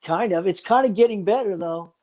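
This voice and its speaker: A man's voice: sits high, a little fast, warm tone. An older man joking and rambling profanely as a guest on a live stream, calling in from his phone. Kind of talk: casual live-stream chat.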